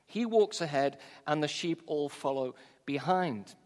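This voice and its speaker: Preacher, man, high voice, emphatic sermon delivery, long church reverb. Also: lively intonation, unhurried, a little mellow. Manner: emphatic, stresses key words, reads scripture aloud. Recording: long reverb of a large hall.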